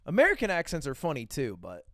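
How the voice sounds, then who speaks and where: A man's voice: a little high, fast talker, no room sound, studio quality. A man streaming live, chatting casually and reacting to videos with profane jokes. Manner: animated, profane, joking.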